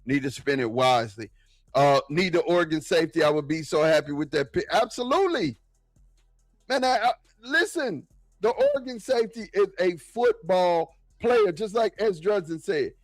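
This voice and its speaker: A man talking football in a casual, excitable, slangy way, often repeating himself. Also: high voice, moderate pace, dry recording, soft background music. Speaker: football podcast guest. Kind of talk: casual sports talk.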